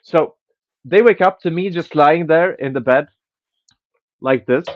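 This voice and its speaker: A man's voice: a little high, unhurried, slight background noise. Rambling man on a dull lo-fi podcast. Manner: rambling, self-correcting storyteller with casual swearing. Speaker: podcast host. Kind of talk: casual podcast chat. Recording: dry, dull lo-fi sound.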